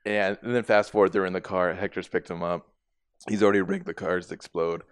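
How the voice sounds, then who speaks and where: A man's voice: deep voice, flat delivery, fairly quick, clean tone. A man co-hosting a casual chat, recapping a show, laughing often and swearing as he acts out the lines. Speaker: podcast co-host.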